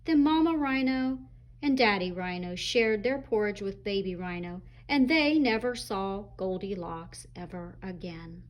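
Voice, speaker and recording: A woman who is a children's librarian, reading a picture book aloud and showing a craft in an expressive, sing-song way. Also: mid-range voice, unhurried. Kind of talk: storytime read-aloud and craft demo.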